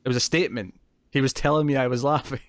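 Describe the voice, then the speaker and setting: A man's voice: medium pitch, fairly even intonation, quick pace, dry recording. Rambling man co-hosting a podcast. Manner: rambling, laughs often. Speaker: podcast co-host. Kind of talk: casual chat.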